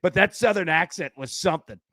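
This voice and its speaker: Joking sports-betting host with a dry close mic. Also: male voice, high voice, brisk, pushed and bright, no echo. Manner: laughs often, loose and joking, quotes film lines. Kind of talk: casual live-stream chat.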